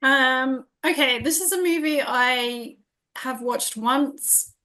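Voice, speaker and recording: A female podcast co-host with a fairly high voice, chatting casually about films. She hesitates and trails off as she tries to remember details, speaking in an unhurried, offhand way. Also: sharp tone. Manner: hesitant, trails off while recalling. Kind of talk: casual film chat.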